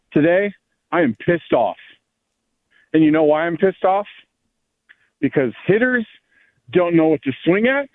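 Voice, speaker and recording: A male radio caller rants in a worked-up way while walking outdoors. His voice sits a bit high. It comes through a tinny, dry phone line. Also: no echo. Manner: worked up, ranting. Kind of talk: call-in rant.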